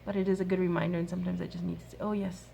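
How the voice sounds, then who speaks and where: Earnest mom giving gentle advice. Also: female voice, lowish voice, level tone, very fast, gravelly, slight background noise. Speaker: mom sharing a workshop talk. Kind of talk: gentle faith-based advice talk.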